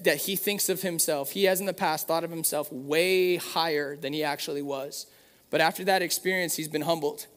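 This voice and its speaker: Conversational man preaching in a hall. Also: a little high. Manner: conversational and earnest, with many fillers like "like" and "right". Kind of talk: sermon. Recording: long hall reverb.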